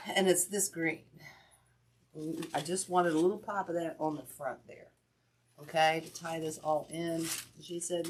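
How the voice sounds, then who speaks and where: A woman's voice: sits low, fairly even intonation, a little slow, slight background noise. A woman hosting a casual live craft tutorial, chatty and rambling with lots of fillers as she greets viewers. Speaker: craft livestream host.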